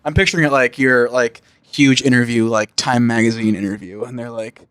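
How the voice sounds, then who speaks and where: A podcast co-host in casual chat, relaxed, with lots of likes and laughing along. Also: medium pitch, a little fast, smooth.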